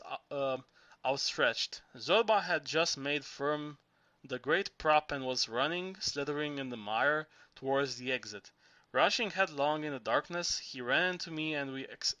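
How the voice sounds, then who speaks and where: A man reading novel narration aloud, steady with small restarts. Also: on the high side, no echo. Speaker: audiobook reader.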